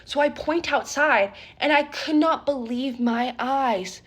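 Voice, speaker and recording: A young woman casually retelling a wild dating story in a storytime vlog, animated and dramatic, often asking "okay?". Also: high-pitched, slow.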